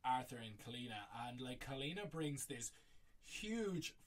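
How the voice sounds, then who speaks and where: A man's voice: mid-range voice, very animated, measured pace, far from the mic. A man co-hosting a podcast, rambling in casual film chat, swearing and laughing often. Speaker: podcast co-host.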